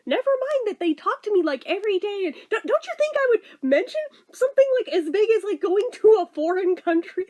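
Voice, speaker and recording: A woman's voice: extremely high pitch, sing-song, a little fast, few pauses, a little mellow. A woman in her thirties telling a story in a casual vlog, chatty and exasperated, swearing and laughing as she goes. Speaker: vlogger.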